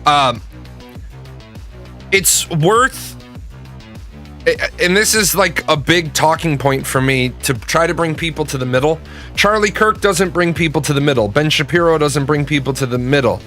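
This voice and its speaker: A man's voice: on the high side, normal speed, bright, forceful tone, faint music behind. A man giving a blunt, profane political opinion rant in a casual, emphatic way. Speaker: political commentator.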